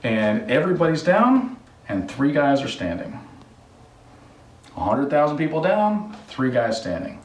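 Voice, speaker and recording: A man's voice: medium pitch, very animated, measured pace, long pauses. A man hosting a home repair video who rambles through a story with jokey asides, then explains plumbing steps casually. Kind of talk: casual storytelling and DIY instruction. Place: work area during a water heater install. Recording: echoey room, mic at a distance.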